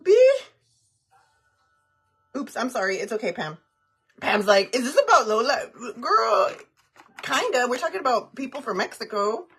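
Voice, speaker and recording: A woman's voice: on the high side, sing-song, unhurried, pauses often, fairly bright tone, faint music behind. A woman chatting on a livestream, answering viewer comments in a frank, heated, rambling way.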